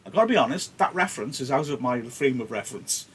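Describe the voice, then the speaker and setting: A man's voice: mid-range voice, lively intonation, fast, a bit bright, breathy edge. A man teaching a play on a livestream, explaining in a chatty way with wry asides. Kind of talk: casual livestream lesson on a play.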